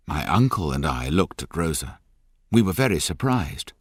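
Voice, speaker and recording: A man narrating a graded reader audiobook with clear, expressive delivery. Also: extremely low pitch, no echo, studio quality. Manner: slow, clear, expressive reading.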